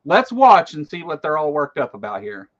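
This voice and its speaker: A man's voice: fairly high pitch, very animated, normal speed, a bit bright, muffled recording. A man hosting a livestream, giving blunt, casual political commentary and swearing freely. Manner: blunt, swears freely, reads chat aloud. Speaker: livestream host.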